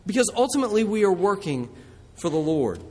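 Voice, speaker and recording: Pastor, male, high voice, earnest sermon delivery, long hall reverb. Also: very animated, warm tone, husky. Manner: earnest preaching with slowed emphatic phrases.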